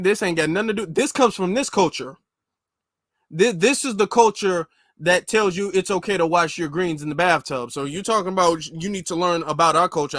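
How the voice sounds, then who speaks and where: Exasperated high-voiced American man. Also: a bit bright, dry recording, clean studio sound. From United States. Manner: exasperated, stammering restarts. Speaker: commentator reacting to clips. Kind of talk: reaction commentary.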